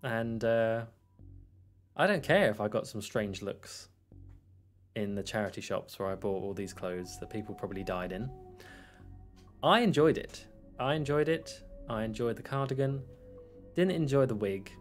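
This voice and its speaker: A man's voice: fairly low pitch, normal speed, faint music behind. A man chatting casually on a live game stream, rambling through viewer questions with easy laughter. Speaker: gaming streamer. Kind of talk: casual live-stream chat while playing.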